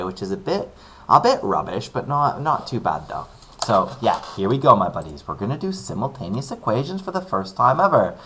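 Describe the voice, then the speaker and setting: A man's voice: medium pitch, a bit bright, low-quality recording. Male maths teacher for a video lesson, bouncy sing-song delivery, friendly slangy banter with pupils. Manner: upbeat and chummy, keeps calling pupils "buddies"; casual, slangy explaining.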